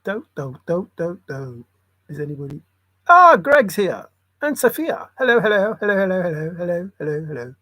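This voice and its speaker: A man's voice: sits high, big pitch swings, normal speed, pushed and bright, no echo. A man rambling in a solo monologue, muttering to himself and breaking into sudden exclamations. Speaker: channel host.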